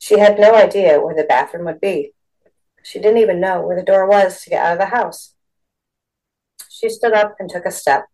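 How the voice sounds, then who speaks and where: A woman reading a story aloud in a steady, expressive narration. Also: medium pitch, moderate pace, low-quality recording.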